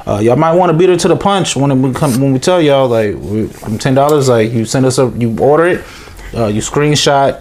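A man's voice: medium pitch, fairly quick, a little mellow, slight background noise. A man co-hosting a podcast in casual chat, rambling and joking, hesitating with many fillers. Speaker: podcast co-host.

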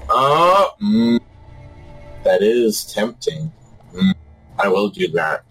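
A man's voice: mid-range voice, very animated, slow pace, gravelly, fairly bright tone, breathy edge, faint music behind, poor audio. A man casually playing a tabletop game over voice chat, throwing in playful sound effects.

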